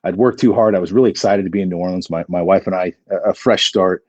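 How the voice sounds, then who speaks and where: Husky low-voiced guy in his 40s rattling off a story quick, kinda muffled dry sound. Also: no room sound. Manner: energetic, acts out dialogue in the story. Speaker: podcast guest. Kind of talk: animated storytelling in an interview.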